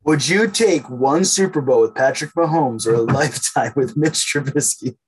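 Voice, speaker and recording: A man's voice: mid-range voice, moderate pace, husky, poor audio. A man co-hosting a podcast, teasing the others in casual chat and laughing between lines. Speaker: podcast co-host.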